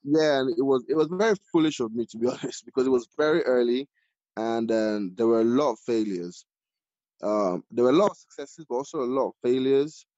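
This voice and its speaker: Mellow-voiced chef telling his story. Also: mid-range voice, a little fast, no echo. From Nigeria. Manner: animated, many fillers like "like" and "you know". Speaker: chef, podcast guest. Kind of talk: casual storytelling in an interview. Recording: dull lo-fi audio.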